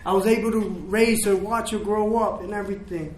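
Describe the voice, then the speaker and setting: Older man, high voice, emotional recovery testimony in an echoey hall with faint noise behind. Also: fairly even intonation, brisk. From South Bronx, New York. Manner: emotional, storytelling with quoted dialogue. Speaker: recovery speaker. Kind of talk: personal testimony speech.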